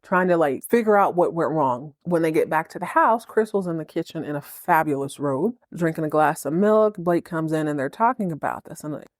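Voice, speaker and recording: Lively low-voiced woman podcaster. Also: dry recording, clean studio sound. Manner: animated, playful, slangy, quick bits of acted quotes. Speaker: podcast host recapping a TV drama. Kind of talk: casual recap with acted-out dialogue.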